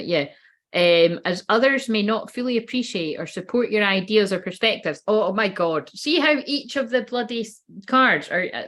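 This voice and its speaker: A woman's voice: medium pitch, a bit bright. A woman in her late thirties giving a casual live-stream card reading, rambling, swearing freely and breaking off mid-sentence. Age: late 30s. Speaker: oracle card reader.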